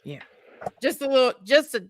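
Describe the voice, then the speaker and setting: A woman's voice: high voice, sing-song, moderate pace. A woman chatting casually as a guest, rambling with many fillers. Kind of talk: casual chat.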